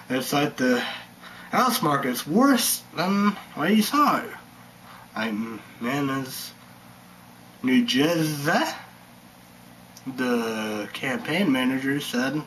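A man's voice: mid-range voice, animated, takes it slowly, a bit bright, slight background noise, poor audio. A man rambling through a casual vlog monologue, meandering and muttering, sometimes dropping to a whisper. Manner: meandering, mutters and drops to whispers, bursts into sung chants. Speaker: vlogger.

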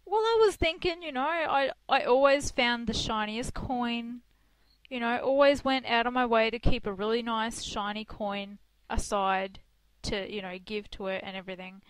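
A talkative woman co-hosting a relaxed online radio show, her voice sitting a little high. She spins stories with lots of laughing, and the sound is close and dry. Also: moderate pace, clear, resonant tone, dry recording. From Australia. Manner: chatty storyteller, laughs often. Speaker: co-host. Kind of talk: casual radio chat.

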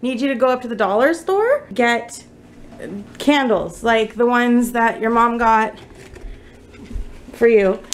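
A woman's voice: a little high, lively intonation, slow, long pauses. Chatty woman vlogging with a handheld camera. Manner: chatty, laughs easily, talks to the camera. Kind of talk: casual family vlog. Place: indoors at her mother's house.

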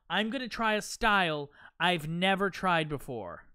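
Bright-voiced man streaming a game. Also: sits high, lively intonation, unhurried, smooth. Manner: chatty, self-mocking, repeats phrases under his breath. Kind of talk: live gameplay commentary.

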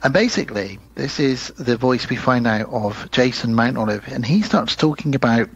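Husky gravelly guy chatting through a movie plot, doing the characters' voices. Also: mid-range voice, moderate pace, hardly any pauses, dull audio. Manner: animated storyteller, acts out characters' lines. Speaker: podcast co-host. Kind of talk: casual chat recapping a film.

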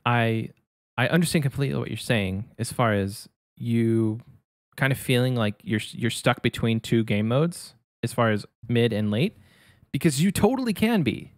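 A man co-hosting a podcast, explaining his view in a measured, agreeable casual chat. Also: mid-range voice, expressive, no room sound, studio quality. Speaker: podcast co-host.

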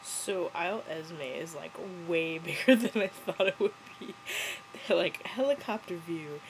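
A woman's voice: lowish voice, measured pace, a little hiss or hum, low-quality recording. Giggly, sarcastic young woman reviewing a movie. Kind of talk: casual movie commentary.

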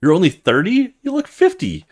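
A man doing a shrill, vain young woman. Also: huge pitch swings, moderate pace, heavily acted. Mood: shocked. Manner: shrill, disbelieving.

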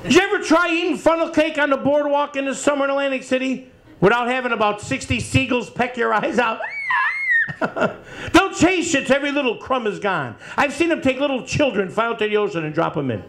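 Brash high-voiced man in his fifties. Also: animated, fairly bright tone, a little hiss or hum. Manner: brash, profane, rapid-fire joking with the crowd. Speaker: stand-up comedian. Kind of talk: stand-up routine. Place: bar with live audience. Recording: live bar set with crowd laughing. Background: crowd laughter.

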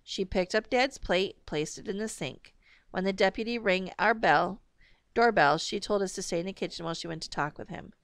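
Smooth-voiced woman reading a novel. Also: medium pitch, moderate pace, dry recording, clean studio sound. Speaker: audiobook reader.

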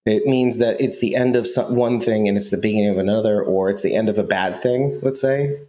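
A man's voice: on the low side, fairly quick, warm tone. A man co-hosting a podcast, chatting casually about a TV show in a teasing, playful way and laughing often. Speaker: podcast co-host.

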